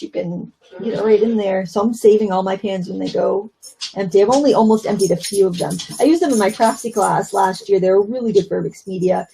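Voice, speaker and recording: A woman's voice: medium pitch, creaky, mellow, a little hiss or hum, low-quality recording. A woman teaching watercolor painting on a live stream, chatting casually and explaining as she paints, with plenty of fillers. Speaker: watercolor instructor.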